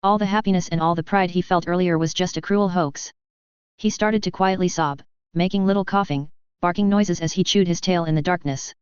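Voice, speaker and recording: Smooth low-voiced woman narrating a story. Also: steady tone, brisk, no echo, muffled recording. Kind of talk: audiobook narration of a sci-fi story.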